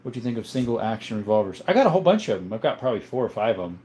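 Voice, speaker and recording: A man hosting a casual livestream from home, reading viewer comments aloud in an easygoing way, chuckling often and thinking out loud. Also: lowish voice, big pitch swings, very fast. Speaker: livestream host.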